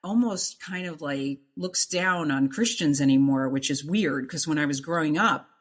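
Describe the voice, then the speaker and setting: A woman's voice: low voice, moderate pace. A middle-aged woman sharing her personal faith testimony in an interview, earnest and emphatic, repeating words for stress. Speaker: interview guest.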